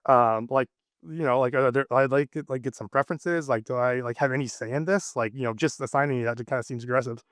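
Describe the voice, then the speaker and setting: A man's voice: mid-range voice, fast, no room sound, studio quality. A man in his thirties, the guest in an interview, telling a personal story casually with many fillers and restarts. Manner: rambling, lots of fillers and restarts.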